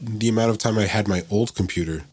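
A man in his twenties with a slight lisp, co-hosting a podcast in playful, excitable casual chat. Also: lowish voice, fast, slightly rough. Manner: playful, excitable, giggly banter. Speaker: podcast co-host.

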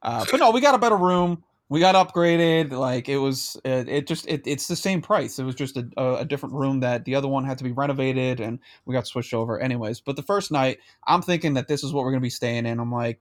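A man's voice: medium pitch, fairly quick, few pauses. A man in his thirties telling a rambling, profane story in casual chat, often breaking into laughter.

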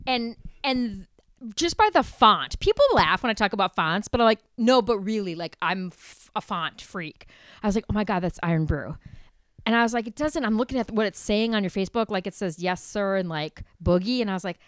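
A woman's voice: mid-range voice, lively intonation, a little fast, fairly bright tone, clear, resonant tone, no room sound, clean studio sound. A woman chatting animatedly on a podcast, swearing casually and piling on "like" fillers. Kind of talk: casual chat.

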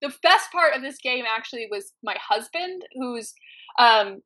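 Bright, lively woman telling stories. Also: fairly high pitch, measured pace. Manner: animated, acts out quotes in voices, laughs often. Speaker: podcast guest. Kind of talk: casual storytelling.

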